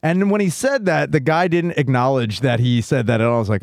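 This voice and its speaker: A man's voice: mid-range voice, brisk, creaky, dry recording, studio quality. A man telling a long rambling story as a podcast guest, with lots of swearing and "like". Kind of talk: casual chat.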